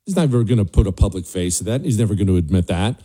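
A man's voice: on the low side, fast talker, mellow, husky. A male talk show host giving an emphatic, scornful political monologue, repeating his points for stress.

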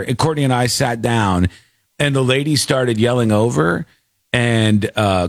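A man's voice: a little high, expressive, normal speed, creaky, fairly bright tone, dry recording, clean studio sound. A man hosting a talk show, ranting in casual banter with mock outrage.

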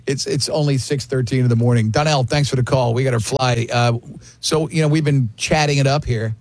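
A man's voice: medium pitch, brisk, slight background noise. A man hosting a morning radio show, joking and bantering with his cohosts. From Italian American. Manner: joking, animated, interrupts. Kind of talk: casual banter.

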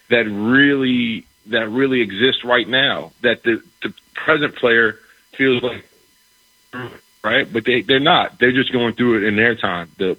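A middle-aged man, a former football player, telling a locker-room story in a lively way, repeating words and acting out what others said. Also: mid-range voice, husky, dry recording, lo-fi sound. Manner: animated, repeats words, acts out quoted dialogue. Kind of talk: casual storytelling.

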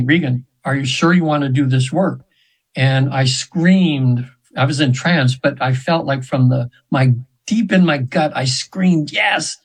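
A man in his seventies, a radio guest, telling a long rambling story with restarts and frequent throat-clearing. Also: medium pitch, rough recording. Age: 70s.

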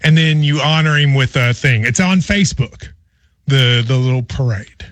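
A man's voice: medium pitch, moderate pace, a bit bright, dry recording. A man hosting a radio talk show, chatting and telling stories from home. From Kentucky. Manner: chatty storyteller, laughs often. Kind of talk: casual radio chat.

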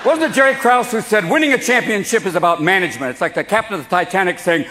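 A man performing a live stand-up comedy set, rapid and manic, jumping between voices. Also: sits high, expressive, sharp tone. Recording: live club recording with crowd laughter and noise.

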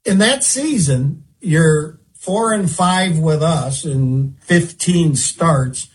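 A man hosting an interview conversation, speaking in a measured, complimentary way. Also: on the high side, expressive. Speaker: host.

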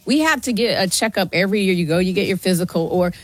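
A woman's voice: medium pitch, expressive, fast, no room sound. A middle-aged woman speaking earnestly as a guest on a radio show, pleading with listeners and calling them y'all. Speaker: guest, mental health advocate. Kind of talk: emotional radio interview. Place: radio studio. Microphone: studio mic.

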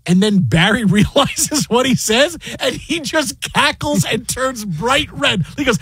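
High voiced guy on sports radio telling a story, acts out the quotes, dry studio mic. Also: normal speed, hardly any pauses, husky, dry recording. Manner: animated storyteller who acts out quotes and laughs often. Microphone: studio microphone.

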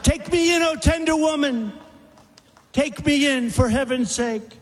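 A man reciting the lines of a vicious, sly male snake in a slow sing-song, in a reverberant hall. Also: extremely high pitch. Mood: pleading.

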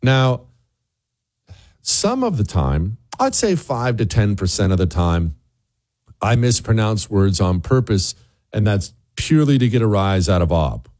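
A man hosting a talk radio show, delivering an opinionated monologue in a sarcastic way, with his voice leaping up high when he mocks something. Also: big pitch swings, measured pace, a little mellow. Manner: sarcastic, with big swooping pitch jumps for mockery.

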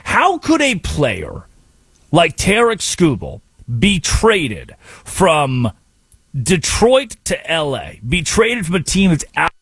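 Animated husky man hosting sports radio. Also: fairly high pitch, slow, no room sound. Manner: emphatic, animated, argumentative. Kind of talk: sports talk radio monologue.

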